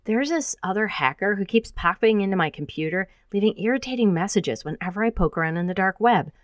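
A woman's voice: medium pitch, expressive, brisk, no echo, clean studio sound, lightly acted. A woman voicing a wry, grumbling young female graduate student who hacks.

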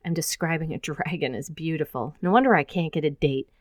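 A woman's voice: deep voice, fairly quick, dry recording, clean studio sound. A woman voicing a wry, grumbling young female graduate student who hacks.

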